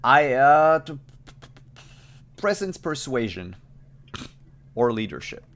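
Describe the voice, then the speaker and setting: A man's voice: medium pitch, very animated, takes it slowly, a bit bright. A man narrating as game master of a tabletop game, casual, with frequent fillers.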